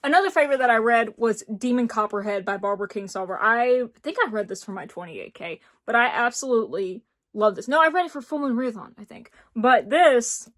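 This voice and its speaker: A woman's voice: fairly high pitch, animated, fairly quick, few pauses, fairly bright tone. A woman in her twenties from rural Tennessee with an Appalachian accent, gushing in a casual book review chat. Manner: gushing, enthusiastic, emphatic repetition. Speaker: book vlogger.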